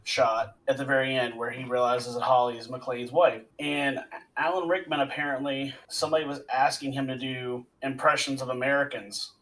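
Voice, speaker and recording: A man's voice: mid-range voice, little pitch movement, moderate pace, noisy background. Podcast cohost guy telling movie trivia stories, mic sounds a bit far off. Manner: storytelling, explains with trivia. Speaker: podcast co-host. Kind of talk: casual chat.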